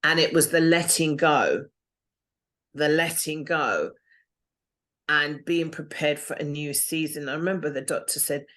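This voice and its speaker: A woman's voice: low-pitched, a little slow, fairly bright tone. A woman guest telling her own story in an interview, earnest and reflective. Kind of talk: interview testimony.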